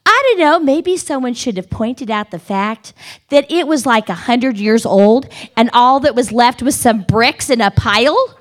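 A middle-aged woman telling a funny personal story to a live audience, animated and dramatic, building tension with repeated phrases. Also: unhurried. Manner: animated, dramatic, repetitive build-up with wailing high quotes. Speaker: speaker at a women's gathering.

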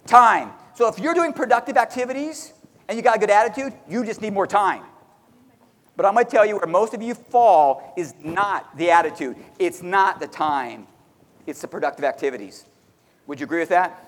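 Man, very high voice, motivational sales speaker, loud, excitable, long hall echo. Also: normal speed. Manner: loud, excitable, acts out quotes. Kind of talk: energetic live stage talk. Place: large hall before an audience.

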